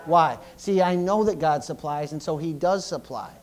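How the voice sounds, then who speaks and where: A middle-aged man preaches from the pulpit in a voice pitched a little higher than most men's. He stumbles and repeats words as he goes, swinging from loud bursts to quiet asides. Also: moderate pace. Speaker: pastor. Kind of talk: sermon.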